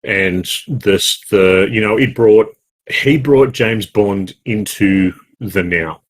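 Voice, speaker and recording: An Australian man co-hosts a gaming podcast, chatting casually in a rambling, jokey way and correcting himself often. His voice is fairly low and slow, with slight background noise.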